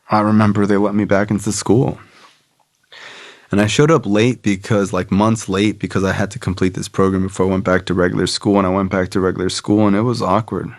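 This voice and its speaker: A man's voice: deep voice, level tone, a little fast, dry recording, studio quality. A man from South Florida, a podcast guest, telling his own story frankly and loosely, with plenty of filler words and swearing. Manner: frank, loose, heavy use of "like" and profanity. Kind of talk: candid personal storytelling.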